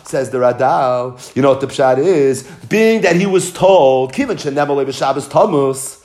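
Man, Talmud lecture, high-pitched, sing-song study cadence, animated. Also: fairly quick, few pauses. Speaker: Torah teacher.

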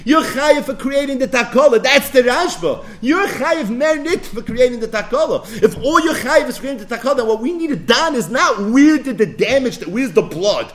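A man giving an animated Talmud lecture, asking rhetorical questions and answering them himself. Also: very high-pitched, normal speed, hardly any pauses. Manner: lively, asks and answers his own questions. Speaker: Talmud teacher.

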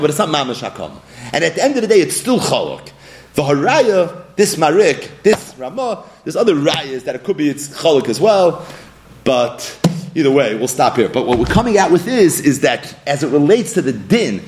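A man teaching a daily Talmud lesson, explaining lively and mixing in study terms from Hebrew and Yiddish. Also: fairly high pitch.

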